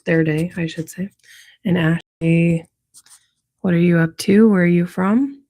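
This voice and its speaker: A woman's voice: on the low side, steady tone, measured pace, dark tone. A woman in her thirties chatting casually on a live stream, greeting viewers and answering their questions. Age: 30s. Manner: greets viewers, plays with whispering. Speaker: livestream host.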